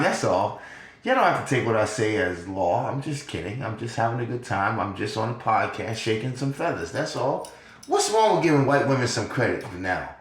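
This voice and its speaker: An older man talking in a casual podcast monologue, profane and animated, laughing often between points. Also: lowish voice, moderate pace. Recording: roomy echo.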